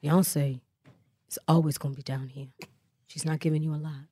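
A woman doing an impression of a famous woman singer, speaking low and hushed and holding back. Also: flat delivery, moderate pace, a little hiss or hum, lightly acted. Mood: cool, understated.

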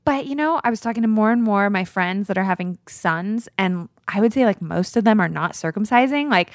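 A woman's voice: medium pitch, brisk, no room sound. Chatty woman podcast co-host, dry close mic. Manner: chatty, laughs often, animated storytelling. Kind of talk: casual chat.

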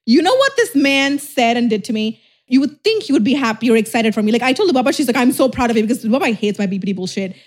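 A woman hosting a podcast, telling a personal story in a fast, emphatic, rambling way with casual cussing, close to the mic. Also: on the high side, animated. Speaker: podcast host.

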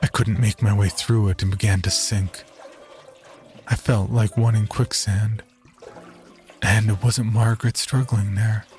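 Slow, low male horror narrator. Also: fairly even intonation, a little mellow, soft background music. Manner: slow, grim first-person telling. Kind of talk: horror story reading.

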